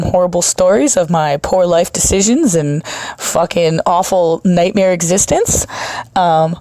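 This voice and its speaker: A woman talks straight into a home podcast mic, her breath audible between phrases. Her voice has a gravelly, creaky edge, and the sound is dry, with no room echo. She rambles loosely, swears at nearly every turn and breaks into laughter. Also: fairly low pitch, a little mellow. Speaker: podcast host. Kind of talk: casual confessional monologue.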